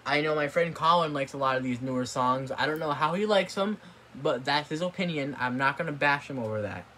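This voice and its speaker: Brief: young-sounding man with a bright, fairly high voice, ranting bluntly into a tablet mic, faint hiss behind. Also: brisk. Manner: blunt and dismissive, swears often, gets worked up. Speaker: vlogger. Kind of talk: ranting video commentary. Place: apartment room. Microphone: tablet microphone.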